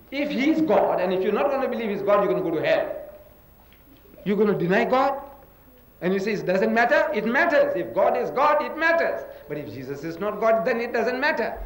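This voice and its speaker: A man's voice: high-pitched, sing-song, fairly quick. A man from India raised in Africa, giving an emphatic public lecture and spelling words out letter by letter. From India, raised in South Africa. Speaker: lecturer in a public religious debate. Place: lecture hall. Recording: roomy hall echo.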